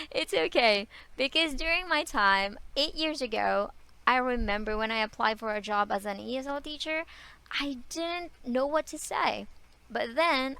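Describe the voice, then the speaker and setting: A woman's voice: fairly high pitch, sharp tone, smooth, rough recording. A young woman giving upbeat, direct job-application advice to her viewers. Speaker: online teaching tips vlogger. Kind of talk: casual advice vlog.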